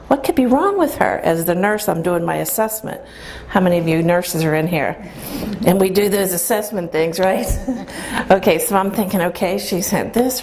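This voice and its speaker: A woman's voice: fairly low pitch, slight background noise. Woman telling a story to an audience. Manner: lively storyteller, quotes herself and others, asks the audience questions. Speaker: speaker telling her story. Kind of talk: storytelling talk to a live audience. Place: event room with an audience.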